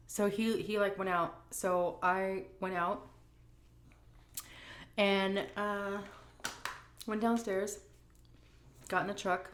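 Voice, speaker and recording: A middle-aged woman food vlogger telling a story and answering questions in a chatty, animated way full of fillers. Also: medium pitch, slow pace, pauses often, a little hiss or hum. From United States. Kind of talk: casual storytelling and Q&A.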